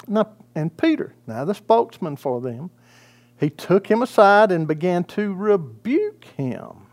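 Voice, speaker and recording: A man's voice: high-pitched, very animated, normal speed, darkish tone. A man preaching a sermon as pastor, in a conversational way with many fillers and restarts.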